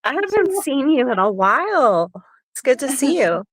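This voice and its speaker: A chatty woman guest joins a live stream, telling little stories in a somewhat high voice. Her audio is dry and close, with no room echo. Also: big pitch swings, normal speed, a bit bright. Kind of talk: casual chat.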